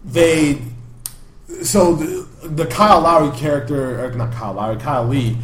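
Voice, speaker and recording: Man podcaster, slightly high voice, casual rambling recap, echoey room. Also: normal speed, slight background noise. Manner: rambling movie recap with acted quotes. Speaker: podcast co-host. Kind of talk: casual chat. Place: backup studio.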